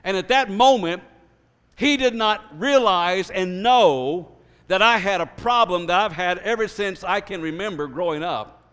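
A man with a rather high voice tells his personal story of faith to a congregation. He speaks earnestly and animatedly, doubling back on his words. His voice carries a long reverb, as if in a large hall. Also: unhurried, clean tone. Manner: earnest, animated, with frequent restarts. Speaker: speaker sharing his testimony.

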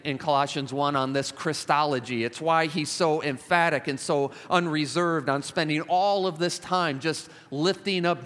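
A man's voice: a little high, a bit bright. A man preaching a sermon, emphatic and repetitive, building phrases to fervent climaxes. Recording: long reverb of a large hall.

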